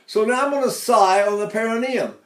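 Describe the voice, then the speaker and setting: A man's voice: high-pitched, a little fast, echoey room. An older man teaching a voice lesson, who explains technique and breaks into sung phrases and sighs. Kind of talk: singing lesson with sung demonstrations.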